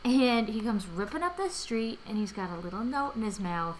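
A woman co-hosting a comedy podcast, telling a story with lively, acted-out voices. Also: medium pitch, normal speed, slight background noise, rough recording. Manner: animated storyteller who acts out characters. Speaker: podcast co-host. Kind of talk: comedic banter.

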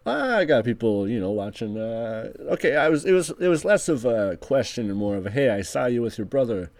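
A man's voice: mid-range voice, sing-song, a little fast, a little mellow, dry recording. A man improvising a scheming casino boss in a tabletop role-play, talking bluntly in rambling bursts with self-mocking asides. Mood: bossy.

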